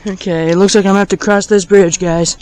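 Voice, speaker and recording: A man's voice: high-pitched, level tone, fast, darkish tone, smooth, low-quality recording. A man chatting casually to his viewers while walking around a small riverside town with a handheld camera, easily amazed by what he sees. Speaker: vlogger.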